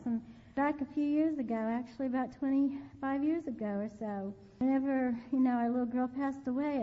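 An older woman giving an earnest sermon testimony, repeating key phrases for emphasis. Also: high voice. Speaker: preacher. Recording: tinny phone-like sound with long reverb.

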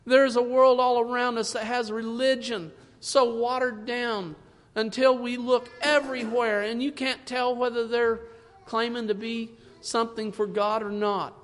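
Male preacher, high-pitched, fervent sermon delivery with old-fashioned scripture reading, long hall reverb. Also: little pitch movement, a little slow. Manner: fervent, swings from loud emphasis to hushed asides.

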